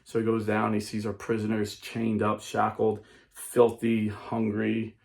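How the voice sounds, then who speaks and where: A man's voice: fairly low pitch, monotone, a little slow, creaky, darkish tone. Man telling a dramatic story. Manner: emphatic, acts out characters. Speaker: speaker.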